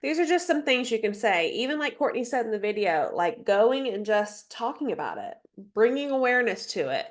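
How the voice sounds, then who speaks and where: A woman's voice: on the high side, very animated, a little fast, hardly any pauses. A woman with a stuffy nose mentoring a sales team on a video call, chatty, with many ums and asides as she reads through slides. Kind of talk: casual training session, reading slides.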